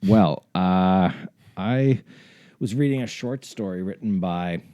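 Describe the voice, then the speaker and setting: A middle-aged Canadian man talks casually on a podcast, his low voice very dark and mellow. He rambles and mocks himself, trailing off into quieter asides. The sound is close and dry, with almost no room. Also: slow, no echo, muffled recording. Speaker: podcast host. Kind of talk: casual chat.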